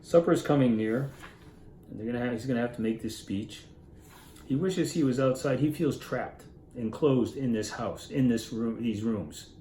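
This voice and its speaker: A man's voice: mid-range voice, normal speed, dark tone, echoey room, a little hiss or hum, low-quality recording. A man retelling and explaining a classic story in an earnest, informal way, musing aloud and correcting himself as he goes. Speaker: literature reader explaining a story. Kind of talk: informal story summary and commentary.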